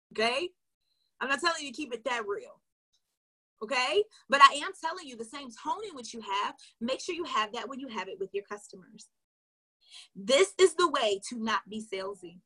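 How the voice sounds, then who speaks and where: A woman sales coach giving an energetic, casual live training from her home. She talks straight to her viewers and says y'all. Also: fairly high pitch, husky, poor audio. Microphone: livestream on a video call platform.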